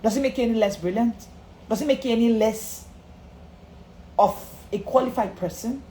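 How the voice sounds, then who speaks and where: A woman's voice: on the high side, normal speed, warm tone, a little hiss or hum. A woman confidence coach giving an emphatic live-streamed motivational talk, repeating her key lines and greeting viewers by name. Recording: echoey room with faint ambience.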